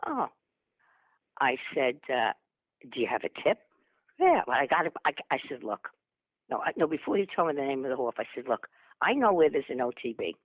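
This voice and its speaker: An older woman calling in by phone, telling a chatty, animated story and laughing often. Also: extremely low pitch, brisk, pauses often, slightly rough, no room sound. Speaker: phone-in guest, host's mother. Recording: muffled phone line.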